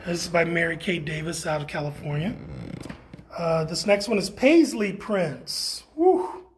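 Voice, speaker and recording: An upbeat tour guide talks visitors through an indoor art gallery in a loose, chatty way, at a middling pitch. The delivery is full of playful exclamations. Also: moderate pace, slight background noise. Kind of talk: casual guided walking tour.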